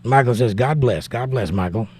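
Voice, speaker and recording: Male host, Southern Georgia accent, middle pitch, blunt and plain-spoken, reads chat and debates scripture. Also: normal speed, a little mellow, husky. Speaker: livestream host reading chat. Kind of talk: casual livestream chat.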